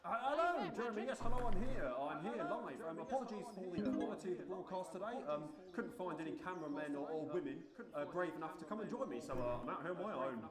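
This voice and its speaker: A rambling, eager young reporter. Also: male voice, high-pitched, expressive, quick pace, pauses often, a crowd in the background. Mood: sheepish. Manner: rambling, hesitant, full of fillers. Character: eager young self-promoting male field reporter.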